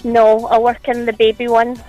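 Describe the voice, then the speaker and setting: Glasgow scottish woman calling in, high voice, cheerful, music under. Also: completely flat delivery, moderate pace, mellow, dull audio. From Scotland. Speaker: caller and quiz contestant. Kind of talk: phone-in quiz call.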